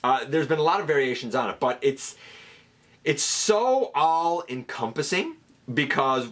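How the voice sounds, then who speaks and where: A man's voice: fairly high pitch, lively intonation, unhurried, fairly bright tone. A man hosting a countdown video, talking casually and enthusiastically to camera with fillers and restarts. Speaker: host counting down a top ten list. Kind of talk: casual fan commentary to camera.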